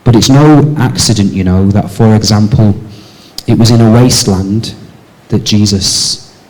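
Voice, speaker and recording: Preaching man, emphatic then hushed. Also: unhurried, rough recording. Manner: asks the congregation rhetorical questions; moves between raised emphatic lines and soft low passages. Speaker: pastor. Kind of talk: sermon.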